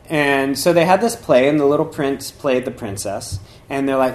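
This dharma talk speaker has a medium-pitched voice and talks at normal speed with hardly any pauses. His casual spiritual talk rambles, full of fillers and restarts, and he acts out voices within his stories.

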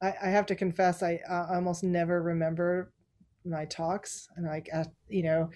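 A woman's voice: on the low side, level tone, normal speed, darkish tone. A woman Zen teacher giving a dharma talk, reflective and laughing often between thoughts.

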